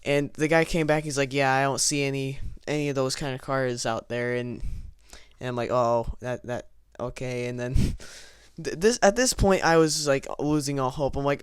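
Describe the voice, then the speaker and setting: A young man's childhood story, told casually over gameplay for his vlog, wanders and mocks himself, with frequent stammering and restarts. His mid-range voice keeps a steady tone at a moderate pace and sounds clean. The studio-quality recording has no room sound.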